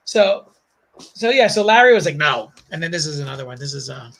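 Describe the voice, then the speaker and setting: Gravelly Bronx man telling stories. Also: a little high, a little fast. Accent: Bronx New York. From the Bronx, New York. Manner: rambling, animated storytelling with frequent fillers and laughs. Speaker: comic creator guest. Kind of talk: casual chat.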